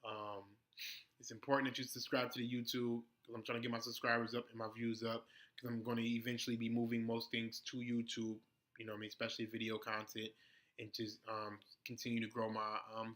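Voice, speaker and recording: A male vlog host talks bluntly and swears freely, mixing slang into a casual rant. His voice is bright and crisp at an average pitch. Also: flat delivery, brisk. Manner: heated during the rant, laid-back in the sign-off.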